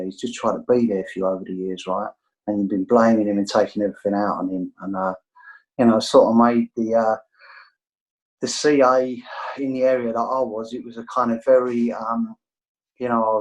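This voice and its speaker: A man's voice: medium pitch, poor audio. Reflective English man on a video call. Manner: reflective, rambling with fillers and tag questions. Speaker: recovery group member sharing his story. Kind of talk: candid personal share on a video call.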